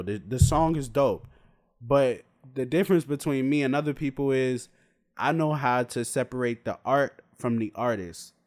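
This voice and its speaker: A man in his twenties ranting bluntly and with plenty of swearing, in a casual vlog rant to camera. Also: mid-range voice. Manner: blunt, profane, animated storytelling. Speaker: vlogger.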